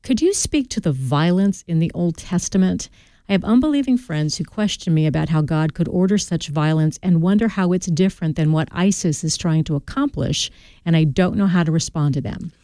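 Mellow woman radio host. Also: fairly low pitch, fairly quick, no room sound. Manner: smooth, friendly announcing. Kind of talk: live call-in radio hosting.

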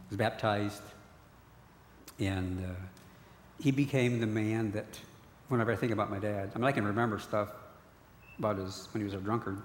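Fairly low and gravelly, a middle-aged man speaks earnestly as a guest, telling a personal testimony of faith with repeated restarts. There's a bit of hiss or hum, and the hall gives the sound an echo.

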